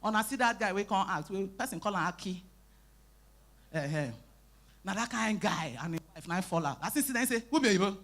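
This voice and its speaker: A woman with a Nigerian Pidgin accent doing live stand-up comedy, telling animated stories, shouting out acted lines and teasing the crowd. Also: medium pitch, a little fast. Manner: animated storytelling, bursts into shouting and acted quotes, teases the crowd. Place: live event stage.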